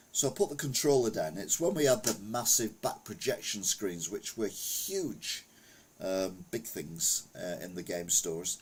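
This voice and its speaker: Husky-voiced man rambling on a live stream. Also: lowish voice, unhurried. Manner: rambling anecdotal storytelling, reads chat aloud. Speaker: retro gaming streamer. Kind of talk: casual live-stream chat.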